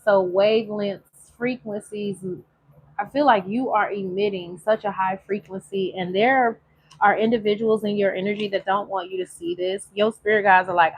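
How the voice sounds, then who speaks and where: A woman's voice: medium pitch, steady tone, husky. A woman tarot reader, giving a casual, emotional spiritual reading to viewers and stretching some phrases out in a sing-song way. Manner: chatty, emotional, drawn-out sung phrases.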